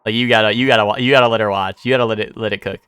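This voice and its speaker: A man's voice: fairly low pitch, steady tone, racing, a bit bright, clean tone, no room sound, clean studio sound. A man streaming live, chatting casually with chat, rambling with many fillers and restarts and swearing freely.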